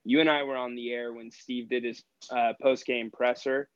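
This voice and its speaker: A man's voice: mid-range voice, little pitch movement, moderate pace, clear, resonant tone, no echo, highs cut off. A man co-hosting a sports radio show, talking casually and arguing a point with indignation. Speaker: co-host.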